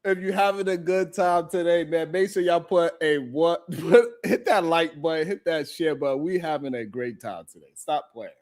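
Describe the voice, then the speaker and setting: A man's voice: a little high, moderate pace, darkish tone. A man hosting a morning talk show, teasing his guests and laughing often between lines. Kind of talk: livestream talk show commentary.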